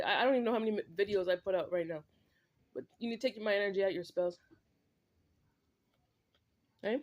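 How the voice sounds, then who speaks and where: A vlogger speaks directly to the camera in a spiritual monologue, her voice medium in pitch. She is emphatic and repetitive, tagging lines with lots of "like" and "right?" and breaking into short laughs.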